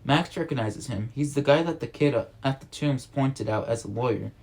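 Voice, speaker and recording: A man reading a novel aloud at a steady pace, often stumbling over a word and correcting himself. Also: mid-range voice, normal speed. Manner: steady reading with frequent slips and self-corrections. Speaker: reader.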